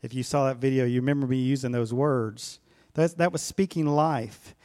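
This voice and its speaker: A man's voice: medium pitch, steady tone, moderate pace, a little mellow. A pastor preaching a sermon to his church, talking in an earnest, conversational way and often repeating a phrase for weight. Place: church sanctuary.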